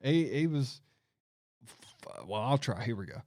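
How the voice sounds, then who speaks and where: A man's voice: mid-range voice, big pitch swings, unhurried, a little mellow, dry recording, studio quality. A man hosting a show, chatting casually and rambling with lots of restarts. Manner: rambling, frequent restarts and laughs. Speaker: show host. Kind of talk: casual livestream chat.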